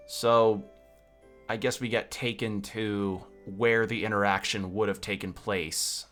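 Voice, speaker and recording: Excitable man streaming a game. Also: on the low side, measured pace, soft background music. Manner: gushing, excitable, repeats himself. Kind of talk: casual let's-play commentary.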